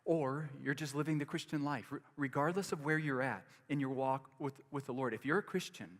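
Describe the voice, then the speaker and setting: A man's voice: on the high side, brisk. Earnest preacher man in a reverberant hall. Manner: earnest, repeats phrases, frequent restarts. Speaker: pastor. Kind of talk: sermon.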